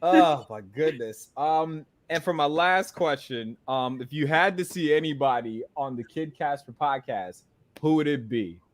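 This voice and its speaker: A man's voice: fairly high pitch, a little slow. A man hosting a podcast, chatting casually with a friend, joking and using slang. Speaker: podcast host. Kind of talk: casual chat.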